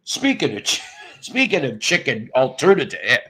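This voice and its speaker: Guy from up north rambling and cracking crude jokes on his stream, lively pitch. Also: normal speed, breathy edge. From northern United States. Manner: rambling, joking, crude humor. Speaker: live stream host. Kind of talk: casual live chat with viewers.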